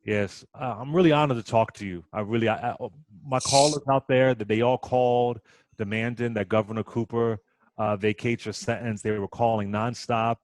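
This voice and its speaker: A man's voice: medium pitch, fairly even intonation, normal speed, darkish tone, no echo. A man hosting a talk radio interview, emotional and stammering as he speaks. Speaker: radio host.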